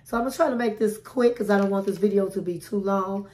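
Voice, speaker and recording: A woman's voice: medium pitch, fast, darkish tone. A chatty woman recapping a reality show in a casual, dramatic way. She acts out what the cast said and keeps calling the listener honey.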